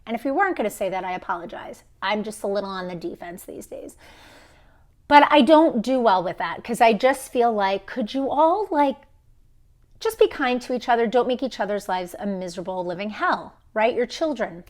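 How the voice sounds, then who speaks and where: A woman's voice: mid-range voice, expressive, normal speed. A woman in her thirties on a phone live stream, telling a story in an emphatic way and acting out the people she quotes. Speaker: vlogger.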